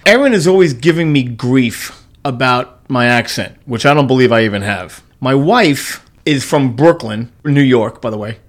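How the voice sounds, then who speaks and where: A man's voice: mid-range voice, animated, moderate pace, few pauses. A man co-hosting a podcast, joking and teasing the others in casual chat. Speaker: podcast co-host.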